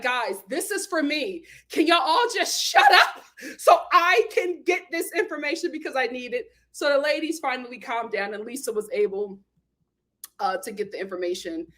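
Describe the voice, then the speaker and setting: Woman with a high voice gossiping about reality tv, lively, acts out the quotes. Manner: animated, acts out quotes, laughs often. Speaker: reality TV commentator. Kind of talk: casual recap chat.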